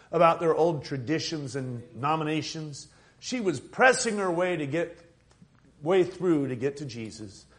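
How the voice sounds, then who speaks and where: A man preaching a fervent sermon at a church service, building from quiet stretches up to near-shouting passion. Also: a little high.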